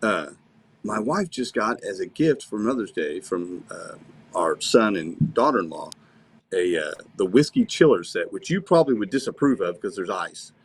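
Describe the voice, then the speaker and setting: An older man co-hosting a casual podcast, talking in a relaxed, hesitant way with many fillers. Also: sits low, normal speed, slightly rough. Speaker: podcast co-host. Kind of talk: casual chat.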